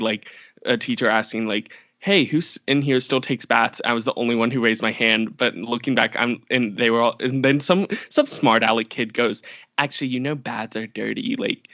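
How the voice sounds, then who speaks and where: A man's voice: mid-range voice, pushed and bright, no room sound. A young man co-hosting a podcast, telling a long story in casual chat with lots of fillers and restarts. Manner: rambling, many fillers and restarts. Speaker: podcast co-host.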